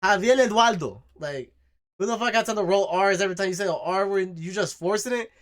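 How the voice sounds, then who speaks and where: A man's voice: high voice, quick pace. A young man reacting to a video in casual, crude, mocking banter full of profanity. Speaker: reaction streamer.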